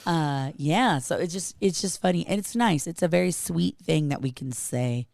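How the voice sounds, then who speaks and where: A woman co-hosting a casual podcast, hoarse from lost voice, chatty and laughing often. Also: deep voice, moderate pace, darkish tone, no echo. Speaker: podcast co-host. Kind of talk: casual chat. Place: home recording room.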